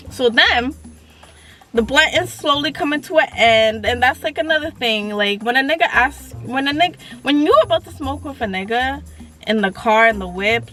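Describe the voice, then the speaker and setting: A young woman casually telling a story to her viewers, animated and full of slang and swearing. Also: on the high side. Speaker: vlogger.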